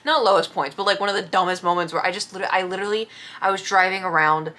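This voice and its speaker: A woman's voice: on the low side, very fast, pushed and bright. A woman vlogger telling a rambling, self-deprecating story in a casual storytime vlog.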